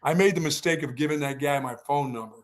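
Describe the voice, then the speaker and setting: A man's voice: a little high, fast talker. A man from Pennsylvania, hosting a sports talk show, telling a story in casual chat and laughing often. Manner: animated storyteller, laughs a lot.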